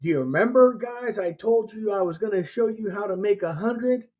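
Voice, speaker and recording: A man's voice: high voice, moderate pace, darkish tone, pitched above the performer's own voice, poor audio. A man doing a hyped Southern seminar guru. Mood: showman pitch. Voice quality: faint Southern twang. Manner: hyped, preaching, working up a crowd. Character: fiery male seminar guru, showman.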